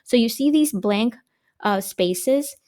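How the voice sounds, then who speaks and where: A woman's voice: fairly high pitch, lively intonation, a little mellow. Patient woman teaching a grammar lesson. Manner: patient, explains slowly with rhetorical questions. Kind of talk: recorded online grammar lesson for children.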